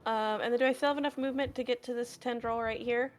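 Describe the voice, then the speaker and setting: A woman's voice: on the high side, fairly even intonation, fast, faint music behind. A woman playing in a tabletop game who talks carefully and explains her reasoning about the rules. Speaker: player. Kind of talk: casual tabletop game play.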